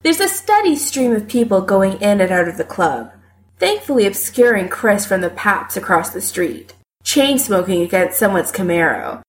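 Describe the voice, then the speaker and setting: Expressive woman reading a story. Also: medium pitch. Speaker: narrator.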